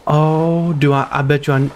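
A man's voice: a little high, heavy background noise. A young man giving live gameplay commentary on his first playthrough, exclaiming and groaning at his own mistakes. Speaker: gamer streaming a first playthrough.

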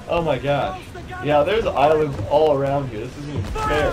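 A man giving casual let's play commentary, excitable and frustrated, with outbursts and shouts at the game. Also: a little high, moderate pace. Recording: game music loud behind voice. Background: game music.

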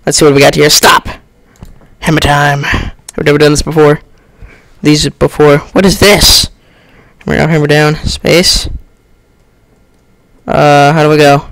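Young male gamer, headset mic, dry sound, excitable, somewhat high voice. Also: measured pace, gravelly, long pauses, no room sound. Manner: excitable, yelps and laughs. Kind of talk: let's play commentary.

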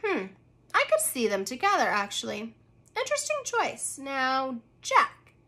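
Lady reading as a sing-song teasing young girl, high and bright, storybook read-aloud. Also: huge pitch swings, unhurried, exaggerated voice. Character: playful preteen girl, teasing best friend. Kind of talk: children's book read aloud.

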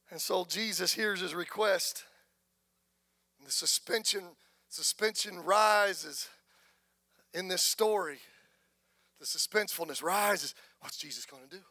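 A man with a Southern US accent preaching a sermon as pastor, impassioned, swinging from soft talk to shouting. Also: sits high, no echo, studio quality.

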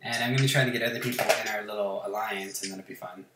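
A man's voice: on the low side, steady tone, fast talker, roomy sound, heavy background noise. A man hosting a gaming channel, chatting casually while he plays. He rambles and swears a lot, and he mocks himself. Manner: rambling, profane, self-mocking. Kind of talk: casual chat while playing a game.

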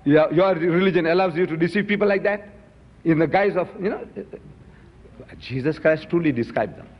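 A man's voice: fairly high pitch, moderate pace. A man giving an emphatic public lecture, firing rhetorical questions at his audience. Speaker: Muslim lecturer. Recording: dull recording in a reverberant hall.

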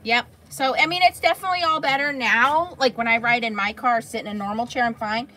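A woman's voice: on the high side, fairly quick, bright, forceful tone. A woman hosting a crafting livestream, chatting casually and answering viewers' comments by name.

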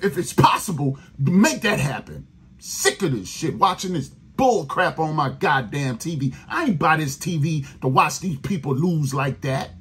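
A raspy-voiced man rants on a sports podcast, cursing and exasperated. His voice is rough and husky, and it swings up and down in pitch as he complains. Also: a bit bright. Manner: profane, exasperated ranting. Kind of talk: angry fan rant.

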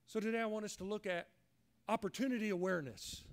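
A man's voice: sits high, fairly even intonation, fast talker. A man as a pastor preaching a sermon earnestly, acting out the voices he quotes.

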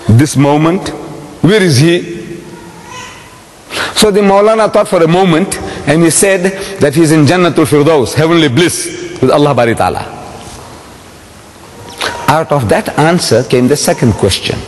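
A man's voice: a little high, normal speed, slight background noise. A man giving a public religious lecture, telling a story dramatically and firing rhetorical questions at the audience. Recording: long hall reverb.

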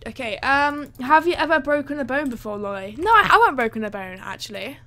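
A woman's voice: high voice, expressive, a little fast, bright, forceful tone. A woman, livestreaming her gaming in a hyper, chatty way full of fillers. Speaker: gaming streamer. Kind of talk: excited livestream chat.

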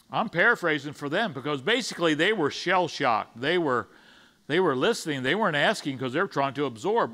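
Guy preaching at church, chatty, lots of restarts, bright ringing voice. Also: fairly high pitch, lively intonation, brisk. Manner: conversational preaching with frequent restarts and paraphrased dialogue. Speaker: pastor. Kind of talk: sermon. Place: church sanctuary.

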